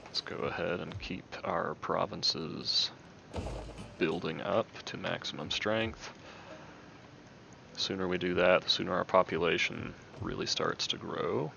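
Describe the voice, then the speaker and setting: Deep gravelly man playing a strategy game. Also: a little slow, muffled recording, slight background noise. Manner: thinking aloud, relaxed. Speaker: gaming video host. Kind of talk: casual game commentary.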